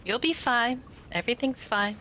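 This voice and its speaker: A woman's voice: a little high, normal speed, bright, forceful tone. A woman chatting with friends during a game stream, cheerful and teasing. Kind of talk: casual chat.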